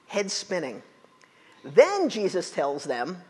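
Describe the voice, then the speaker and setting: Animated preacher in a reverberant hall. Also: male voice, high voice, unhurried, husky. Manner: animated storytelling, acting out quotes. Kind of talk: sermon.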